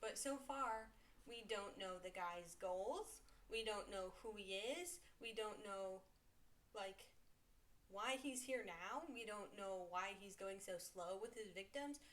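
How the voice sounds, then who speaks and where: A woman's voice: mid-range voice, takes it slowly, a bit bright, recorded from a distance. A woman reviewing a TV series in casual chat, rambling with many fillers and exasperated asides.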